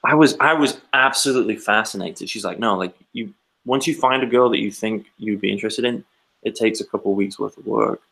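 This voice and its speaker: A man's voice: on the low side, a little fast, vocal fry, a bit bright, poor audio. A man co-hosting a casual podcast, telling a long rambling anecdote and acting out the quotes. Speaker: podcast co-host. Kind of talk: casual storytelling chat.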